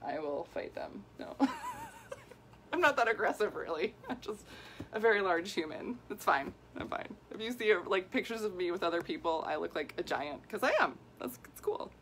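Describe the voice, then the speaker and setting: A woman in her forties, a women's health coach, talking casually in a live video, animated and worked up as she answers viewer comments. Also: lowish voice, moderate pace, a little hiss or hum. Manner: animated and worked up, laughing, acting out quoted people.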